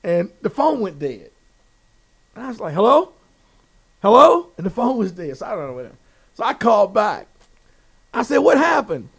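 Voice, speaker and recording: High-voiced animated male storyteller. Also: normal speed, gravelly, pauses often, husky. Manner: animated storyteller, quotes people with lively pitch jumps. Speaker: interviewer. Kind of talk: casual storytelling interview.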